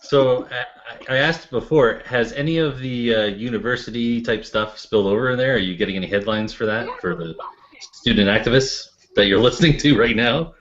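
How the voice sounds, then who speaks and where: A Canadian man hosting a round-table chat over a video call, laid-back and quick to laugh. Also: medium pitch, a bit bright, slight background noise. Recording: dull lo-fi call audio.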